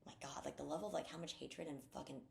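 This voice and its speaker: Woman co-host, quick and fiery, low gravelly voice, swears freely. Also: fairly even intonation, a little mellow. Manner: blunt, profane, fired-up. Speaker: podcast co-host. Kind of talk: casual chat.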